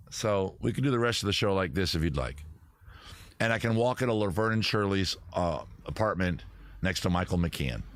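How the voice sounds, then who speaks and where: Host, male, low lively voice, jokey and rambling, dry close boom mic. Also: no room sound. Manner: rambling, jokey, self-interrupting. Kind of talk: casual live-stream chat. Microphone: tabletop boom mic.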